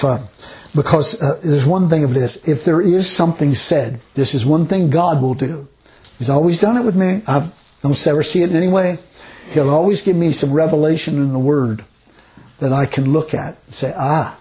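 A man's voice: fairly high pitch, darkish tone, low-quality recording. A man teaching verse by verse through scripture, reading passages aloud and explaining them in a rambling, unpolished way with frequent restarts. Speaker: Bible teacher.

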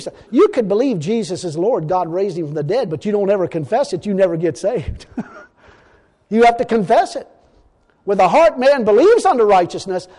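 A man's voice: high voice, dark tone. A man preaching a sermon, retelling stories with quoted dialogue and often exclaiming hallelujah and glory to God. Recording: hall with long reverb.

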